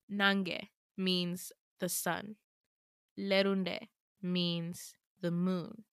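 A young woman hosting a podcast, retelling her dream in casual chat, full of "like" and quick laughs. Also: mid-range voice, sharp tone, clean tone, no echo, clean studio sound. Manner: chatty, full of "like", laughs often. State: tearful, emotional. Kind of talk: casual storytelling.

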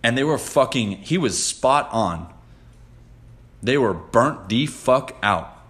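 A man hosting a podcast in casual chat, talking in a profane, rambling, excitable way. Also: mid-range voice, slow pace. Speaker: podcast host.

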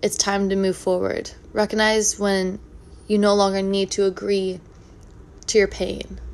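A woman speaking in an earnest, reflective monologue about healing, repeating gentle affirmations. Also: medium pitch, completely flat delivery, a little slow. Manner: soft, earnest, repetitive affirmations. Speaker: spiritual speaker.

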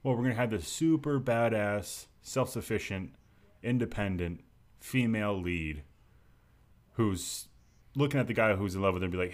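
A man in casual chat about a film, blunt and joking, swearing freely through animated rants. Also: lowish voice, moderate pace. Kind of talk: casual movie discussion chat.

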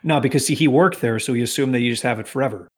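A man's voice: mid-range voice, rapid-fire. A man from Massachusetts telling a long work story on a casual podcast, swearing freely and acting out what people said. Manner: animated, profane, quotes people in put-on voices.

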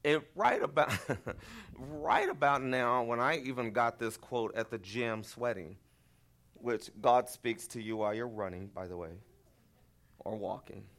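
Folksy pastor, rambling asides. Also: male voice, medium pitch, unhurried, a bit bright. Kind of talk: conversational sermon. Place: church.

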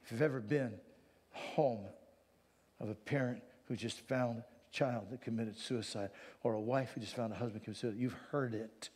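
A man preaching a sermon. He swings from hushed, solemn passages to fervent near-shouting. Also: mid-range voice, fairly even intonation, moderate pace, husky, big-room sound.

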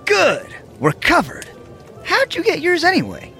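A woman's voice: extremely high pitch, wildly swooping pitch, measured pace, a bit bright, faint music behind, pitched above the performer's own voice, exaggerated voice. A woman playing a sly cocky gambler. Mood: upbeat. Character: cocky male card sharp, sly.

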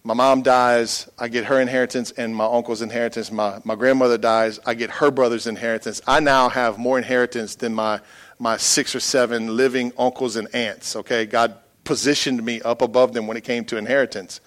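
A man preaching a sermon, telling a personal story with emotion, dropping quiet then building loud. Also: mid-range voice, little pitch movement, fairly quick.

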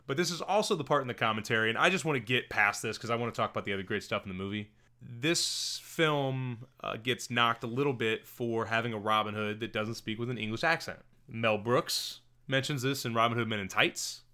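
A man co-hosting a casual movie podcast, animated and often laughing. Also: mid-range voice, brisk. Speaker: podcast co-host. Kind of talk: casual movie review chat.

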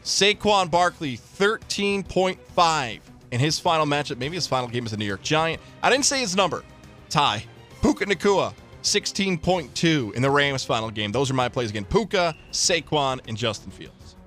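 Upbeat sports radio host, slightly higher voice. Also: male voice, sing-song, normal speed, fairly bright tone, faint music behind. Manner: upbeat, pleading and promotional. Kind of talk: sports talk and promo read.

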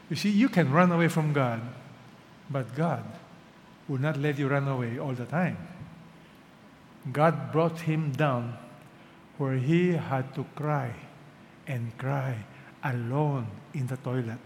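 A man preaching a sermon as pastor, swinging from urgent, loud peaks to hushed lows and asking his listeners questions. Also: slow pace, long pauses. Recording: reverberant hall with faint background noise.

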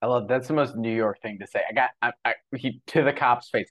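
A young man co-hosts a podcast in a loose, opinionated way. He riffs animatedly and leans on fillers as he talks. His voice sits in a middling pitch range. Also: brisk, a bit bright, poor audio. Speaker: podcast co-host. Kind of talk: casual podcast commentary.

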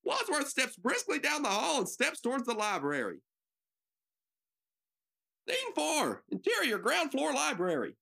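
A woman reads stage directions for a homemade radio drama, her gravelly voice bright and lively in pitch. She sounds nervous, giggles, and tosses in joking asides between the lines. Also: measured pace, pauses often. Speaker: narrator.

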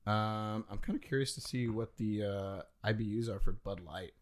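A man's voice: on the low side, moderate pace. A young man from Texas chatting casually on a podcast, laid-back and swearing easily as he reads facts aloud. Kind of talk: casual chat.

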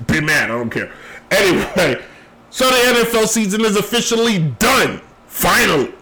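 A man's voice: high voice, sing-song, normal speed, pushed and bright, low-quality recording. A man hosting his own sports show, giving emphatic, rambling opinions and repeating his key phrases, with a voice worn from a long day. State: losing his voice, tired. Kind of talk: opinionated solo sports commentary.

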